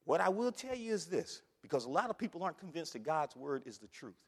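A man preaching a sermon, swinging from hushed whispers to loud exhortation. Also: fairly high pitch, big pitch swings, quick pace, slightly rough. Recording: long hall reverb.

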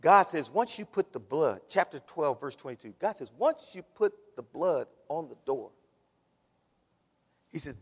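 Shouting preacher in a reverberant church. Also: male voice, fairly high pitch, big pitch swings, moderate pace, slightly rough. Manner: Southern preacher cadence, rising to shouts. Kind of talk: sermon. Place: church sanctuary. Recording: long hall reverb.

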